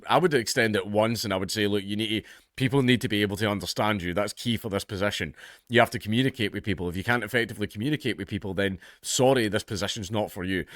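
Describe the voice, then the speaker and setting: A man's voice: lowish voice, a bit bright, dry recording, studio quality. A man with a toned-down Scottish accent, reading out a news story and commenting on it in a blunt, sweary, mocking way. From Scotland. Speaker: YouTube commentator.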